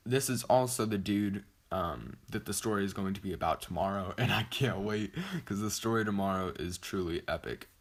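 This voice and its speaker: Low-voiced teen guy ranting. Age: teens. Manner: rambling, profane, fillers like "like". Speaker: vlogger. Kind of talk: casual storytelling to camera.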